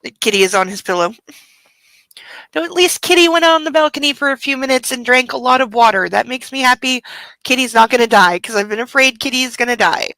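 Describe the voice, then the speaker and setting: A woman's voice: on the high side, a little fast, bright, forceful tone, no echo, rough recording. A woman hosting a casual late-night livestream from home, cooing baby talk to her dog and swearing freely. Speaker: livestream host.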